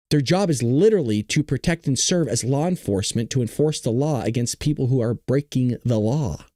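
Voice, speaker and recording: A man's voice: medium pitch, mellow, no room sound, studio quality. A man hosting a casual reaction commentary, sarcastic and profane. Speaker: host.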